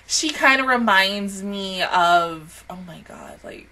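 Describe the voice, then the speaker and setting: Bright-voiced chatty young woman. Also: slow pace. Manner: chatty, laughs often, squeals high when excited. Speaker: anime reaction youtuber. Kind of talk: casual reaction review.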